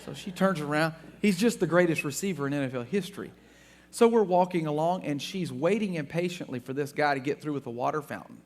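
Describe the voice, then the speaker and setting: Animated man telling stories to a crowd. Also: on the high side, fast. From Texas. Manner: animated anecdotes with laughter. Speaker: guest speaker. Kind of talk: storytelling talk to an audience.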